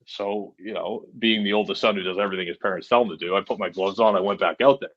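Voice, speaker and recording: He talks fast with few pauses, keeping a steady tone in a voice on the low side. A Massachusetts man in his forties and a truck driver by trade, he rambles casually through stories as a podcast guest, often saying "you know" and "right?". The sound is lo-fi with no room sound.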